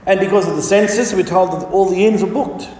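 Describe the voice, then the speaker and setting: A man's voice: high-pitched, a little fast, darkish tone. A man preaching a sermon with emphatic delivery and rhetorical questions. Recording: echoey hall from far off.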